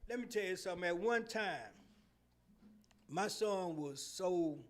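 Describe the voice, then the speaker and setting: High-voiced, laughing middle-aged man. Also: a little slow, slight background noise. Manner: laughs often while telling stories; Southern slang, animated and loud. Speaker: podcast host. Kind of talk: casual storytelling chat.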